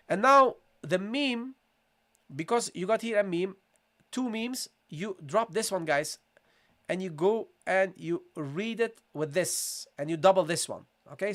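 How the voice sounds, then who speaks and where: A Quran recitation teacher giving a tajweed lesson, patiently repeating syllables slowly for students, with a slight cold and occasional throat-clearing. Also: mid-range voice, animated, a bit bright. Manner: patient, repeats sounds slowly, calls listeners "guys". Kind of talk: tajweed lesson, live session.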